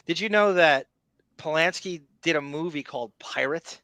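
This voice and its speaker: A man's voice: on the high side, animated, normal speed, a bit bright, no echo. A man co-hosting a podcast, talking in a casual, opinionated and rambling way, full of restarts. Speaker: podcast co-host. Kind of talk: casual chat.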